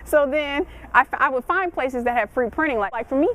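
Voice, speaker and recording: A woman's voice: high voice, animated, brisk, a bit bright, rough recording. A young woman giving casual college dorm advice, chatty and colloquial, laughing often.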